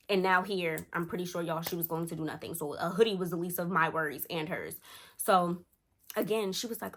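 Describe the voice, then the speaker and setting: A young woman talks straight to her camera, telling a storytime. She is chatty and animated, and her voice jumps higher whenever she acts out what someone said. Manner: animated, acts out quotes with shifting pitch. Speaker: storytime vlogger. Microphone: camera close up.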